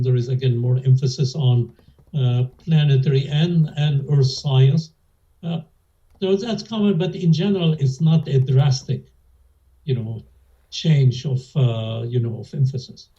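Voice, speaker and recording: Dull lo-fi audio captures an older man, once a lab director, being interviewed for an oral history. He answers hesitantly, with frequent fillers and restarts, in a medium-pitched, dark-toned voice.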